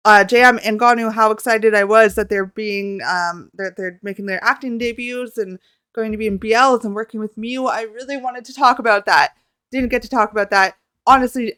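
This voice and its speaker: Excitable young woman, smooth dry voice. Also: medium pitch, dry recording. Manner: excitable, rambling, flustered. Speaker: YouTuber. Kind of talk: casual storytelling vlog.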